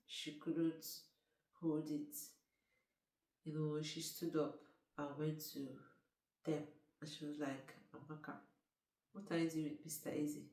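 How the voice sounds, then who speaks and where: A woman's voice: sits low, a little mellow. Chatty woman recapping a film, roomy. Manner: chatty, asks the listener questions, restarts often. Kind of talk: casual spoken movie recap. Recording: roomy sound from a distant mic.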